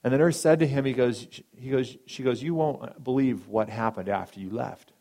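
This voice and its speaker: A man preaching a sermon and telling a story, dramatic, swinging between loud emphatic lines and hushed soft ones, briefly acting out the people in it. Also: mid-range voice, moderate pace. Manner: acts out quoted speakers in brief voices.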